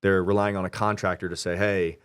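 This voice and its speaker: A man's voice: deep voice, clear, resonant tone. A young man talking casually as an interview guest, telling stories animatedly and quoting himself. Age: young adult. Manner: animated storyteller, quoting himself, quick asides. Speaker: real estate investor guest.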